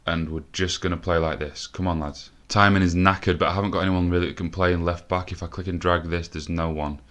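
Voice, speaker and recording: Man, deep voice, game commentary, frustrated, cursing, thinking aloud. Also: steady tone, fast, a bit bright. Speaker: gaming video host. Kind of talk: let's play commentary.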